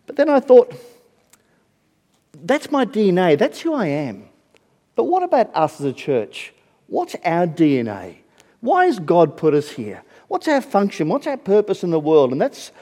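A man's voice: on the high side, warm tone, long reverb tail. A man from Scotland with a Scottish accent, preaching a sermon in a conversational, storytelling way. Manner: conversational storytelling, self-deprecating. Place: church.

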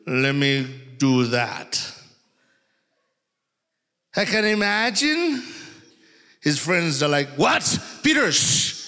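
A man preaching a sermon, telling the story in an animated way with acted quotes. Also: fairly high pitch, in a large hall. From Uganda. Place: church.

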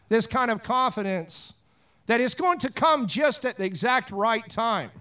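A pastor with a drawl, preaching in a high, smooth and resonant voice. He drifts from scripture reading into fervent prayer and easygoing storytelling. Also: animated, normal speed, pushed and bright. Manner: casual storytelling with prayerful swells. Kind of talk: sermon.

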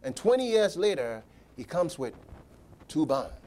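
A man preaching a sermon as pastor, emphatic, with repeated words and dramatic pauses. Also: fairly high pitch, very animated, a little mellow.

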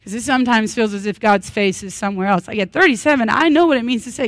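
A woman in her thirties preaching a sermon at a church worship service. She speaks earnestly and breaks into lively, humorous asides. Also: on the high side, fast talker, few pauses, no room sound. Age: 30s. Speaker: pastor.

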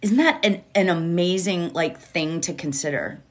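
A woman giving a gentle, reflective motivational talk from home, repeating key phrases and asking rhetorical questions. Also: lowish voice, moderate pace. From United States. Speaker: mindfulness speaker.

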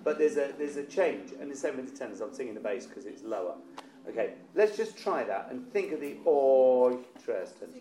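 A man's voice: medium pitch, sing-song, normal speed, dark tone. A man leading a choir rehearsal, coaching vowels and singing short lines to demonstrate. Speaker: choir director. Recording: roomy echo with faint instrument.

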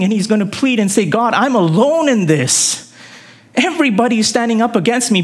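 Earnest man preaching a sermon. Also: high voice. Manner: earnest preaching with rising emphasis and sudden drops. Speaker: pastor.

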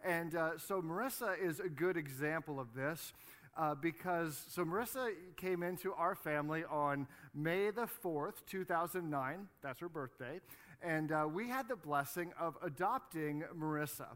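A man's voice: on the high side, measured pace, a bit bright. Conversational pastor, man, sermon storytelling. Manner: conversational storytelling with frequent "you know" and "right". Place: church sanctuary.

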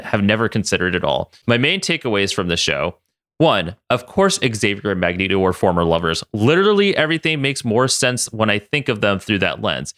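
Young male podcast co-host, expressive bright voice, casual and quick to laugh. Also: lowish voice, no room sound, studio quality. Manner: animated, laughs often, reads listener mail aloud with voices. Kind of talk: casual chat.

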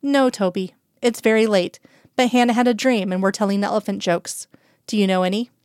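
A woman voicing a caring, firm woman who talks to children in a hushed, tender way. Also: mid-range voice, fairly even intonation, a little fast, smooth, no room sound, studio quality, close to an everyday voice.

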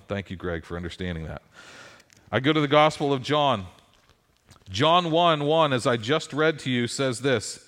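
A middle-aged man, a pastor, preaching a sermon and telling stories with rising emphasis. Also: mid-range voice. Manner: animated storytelling with rising emphasis.

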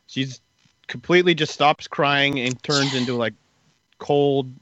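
A man's voice: medium pitch, unhurried, fairly bright tone, highs cut off, slight background noise. A man casually retelling story events in a podcast chat, rambling with lots of fillers.

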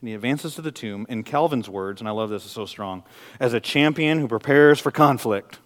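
A middle-aged man from the Detroit area, a pastor preaching a sermon, moving between loud, intense passages and quiet, intimate ones. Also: medium pitch, fairly quick, long reverb tail. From Detroit area, USA.

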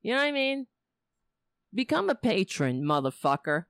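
A woman's voice: mid-range voice, big pitch swings, normal speed, no room sound, studio quality. Blunt, swearing woman ranting on a livestream. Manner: blunt, profane, exasperated. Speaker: political livestream host. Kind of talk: casual ranting commentary to a live chat. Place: home setup. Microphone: cheap home microphone with headphones.

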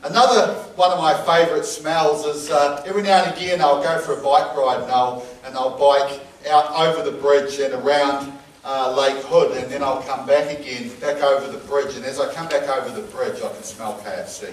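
Jovial New Zealand pastor in an echoey hall. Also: male voice, mid-range voice, fairly even intonation, moderate pace. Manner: jovial storytelling, laughing often. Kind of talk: sermon. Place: church hall with congregation. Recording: echoey hall, mic from a distance.

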